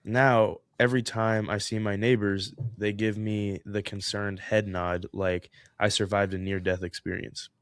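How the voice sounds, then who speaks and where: A young man co-hosting a podcast in casual chat, reading a story aloud in an animated way and laughing often. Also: on the low side, a little slow, hardly any pauses, smooth, dry recording, clean studio sound. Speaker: podcast co-host.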